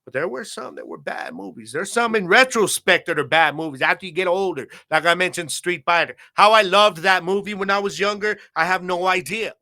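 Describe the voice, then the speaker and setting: Talking fairly quickly with few pauses, this solo football podcast host has a high, expressive voice with a bright, forceful tone. He keeps it casual and relaxed, leaning on slang and fillers such as "you know" and "man".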